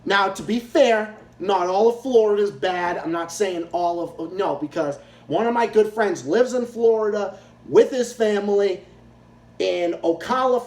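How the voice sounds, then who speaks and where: A man's voice: high-pitched, a little mellow. A man ranting angrily in a profane, repetitive way, giving political commentary. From Massachusetts, US. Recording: echoey room.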